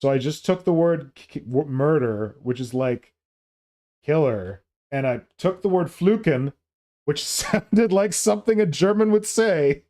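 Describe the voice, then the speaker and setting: A man hosts a hobby stream, chatting casually and clowning around with silly put-on voices. His voice is a little high and a little slow, and his manner is jokey and animated.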